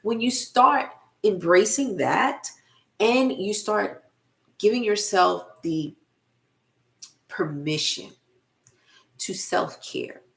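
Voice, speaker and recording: A middle-aged woman speaks as a spiritual life coach, unhurried and deliberate. Her voice carries a gravelly fry, and she leans on repeated phrases for emphasis. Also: mid-range voice, expressive. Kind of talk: casual spiritual motivational talk to camera.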